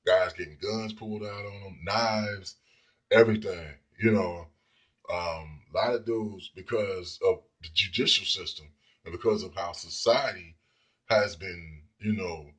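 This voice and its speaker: A man's voice: low voice, measured pace, a bit bright. A man telling a personal story in a loose, rambling way, now and then acting out the people in it. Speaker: speaker telling personal stories. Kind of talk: casual storytelling monologue.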